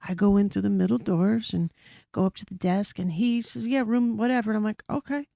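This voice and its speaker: A woman's voice: mid-range voice, fairly quick, vocal fry, dry recording, studio quality. Woman telling a wild story, profane. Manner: animated, profane, frequent asides. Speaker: podcast guest. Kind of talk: casual storytelling chat. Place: podcast studio.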